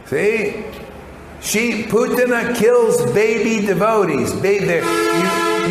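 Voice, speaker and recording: Blunt rambling man preaching in an echoey hall. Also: sits high. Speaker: spiritual teacher. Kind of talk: informal devotional sermon. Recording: echoey hall with faint noise.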